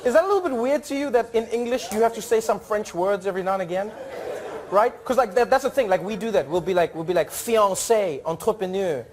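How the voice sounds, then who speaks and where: A man's voice: sits high, animated, quick pace. A man, a comedian host, joking animatedly with a live studio audience and slipping into funny accents. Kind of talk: improvised crowd work.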